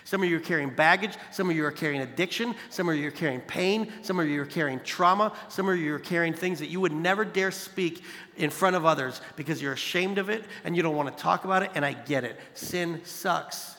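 In a large hall for an evening service, a man with a highish, sharp voice delivers a sermon a little fast. He keeps it conversational, calling everyone "you guys" and driving points home through repetition.

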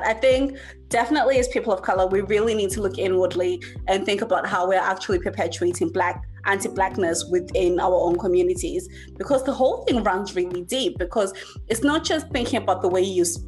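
Earnest woman in casual chat. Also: medium pitch. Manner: earnest, reflective, uses many fillers. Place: works in the UK.

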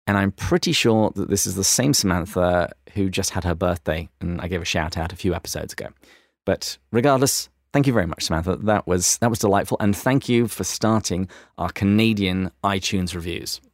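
An Australian man with a fairly low voice co-hosts a podcast in casual chat. He is playful and quick to laugh. His voice sounds very dry and close, recorded in a closet studio. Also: no room sound. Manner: playful, chuckles often. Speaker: podcast co-host.

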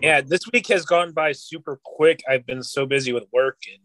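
A man's voice: on the high side, moderate pace, a bit bright. A man co-hosting a casual podcast, bantering with crude jokes. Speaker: podcast co-host. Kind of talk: casual chat.

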